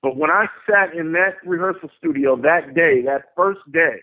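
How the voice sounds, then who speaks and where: A man with a slightly raised voice spins a story in a loose, profane, emphatic way. He comes through a thin, phone-like line that cuts off the lows and highs. The talk is casual interview storytelling. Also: normal speed. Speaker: guest, tour manager.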